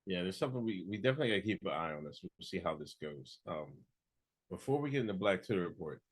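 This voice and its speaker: A man's voice: deep voice, lively intonation, fast, husky, no echo. A man co-hosting a podcast in casual, laid-back chat, giving short replies and plugging the show. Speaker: podcast co-host.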